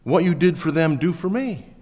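A male pastor delivers a sermon with a lively, swinging pitch, lifting and pressing on each word he stresses before sinking low again. His voice rings through a church hall with a long reverb tail. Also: moderate pace. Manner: emphatic, rising to stress key words, then dropping low. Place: church auditorium.

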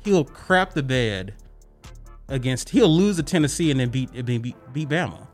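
A young man with a drawl vents and teases his co-host in loose studio sports banter. His voice swings widely in pitch as he gets worked up. Faint music sits in the background. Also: normal speed. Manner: ranting, animated, teasing. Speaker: podcast co-host. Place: podcast studio.

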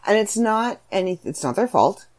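A Canadian woman with a Canadian accent, hosting a podcast and talking casually about her writing in a chatty, animated way. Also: medium pitch, normal speed. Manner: chatty, animated storytelling with voiced asides. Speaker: podcast host and author. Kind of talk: casual solo podcast monologue.

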